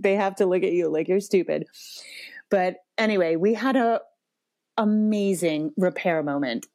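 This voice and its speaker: A woman, probably in her forties, hosting a parenting talk show and telling a personal story in a casual, animated way, swearing freely, laughing often and acting out quotes. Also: medium pitch. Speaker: podcast host.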